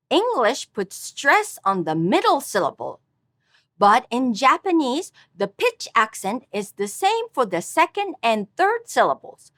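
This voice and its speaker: A woman narrating a scripted language lesson, speaking slowly and carefully as she models pronunciation. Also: fairly high pitch, huge pitch swings, fairly bright tone, no echo, clean studio sound. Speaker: language teacher.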